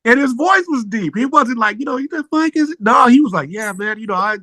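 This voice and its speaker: A middle-aged man, a musician guest, telling a story in a casual, animated way that jumps up in pitch when he gets excited. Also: brisk, no echo.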